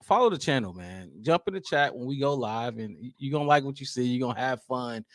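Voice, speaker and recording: A man hosting a casual sports podcast, lively and talkative, calling out fans in the chat. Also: medium pitch, dry recording, clean studio sound. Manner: lively, hypes the chat, quick asides. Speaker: podcast host.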